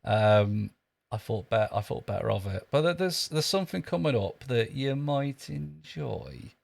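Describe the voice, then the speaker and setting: Gravelly sardonic streamer man. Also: medium pitch, lively intonation, measured pace. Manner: dry, sardonic, joking. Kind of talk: casual live-stream chat. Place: outdoors in a long queue.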